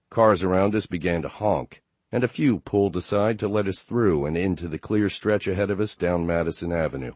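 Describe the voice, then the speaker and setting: A man reading a romance audiobook in the first person. His voice sits low and deep. The recording is dry and close, with no room sound. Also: fairly quick, no room sound. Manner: steady first-person storytelling. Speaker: audiobook narrator. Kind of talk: scripted narration.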